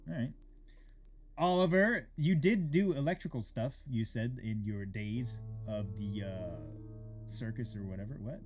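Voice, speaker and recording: A man's voice: mid-range voice, measured pace, darkish tone, soft background music. A man hosting a let's play of a horror game, reacting with jokey asides. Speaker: gaming channel host.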